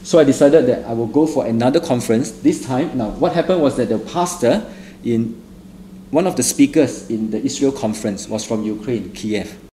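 A middle-aged man from Singapore, giving an earnest spoken testimony that repeats phrases for emphasis and restarts in halting bursts. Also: medium pitch, lively intonation, warm tone, a little hiss or hum. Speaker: testimony speaker.

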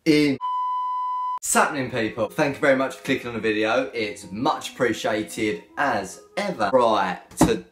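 A man's voice: mid-range voice, normal speed, a bit bright. A young man, joking and bantering as he reacts to hate comments in a casual comedy vlog. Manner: cheeky, joking, slangy banter. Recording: echoey room with faint music.

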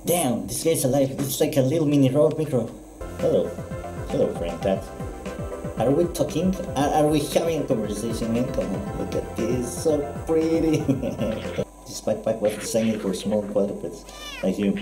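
A man with a Spanish accent giving casual, excitable gameplay commentary, laughing often and jumping high in pitch when alarmed. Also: moderate pace. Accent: Spanish-accented English. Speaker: gameplay streamer. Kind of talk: casual let's-play commentary. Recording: roomy echo with game music behind.

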